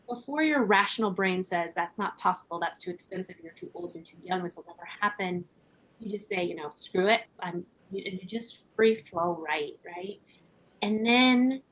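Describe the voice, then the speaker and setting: A woman talking as a podcast guest in a relaxed conversation, reflective, laughing often and using many "like" and "right?" fillers. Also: mid-range voice.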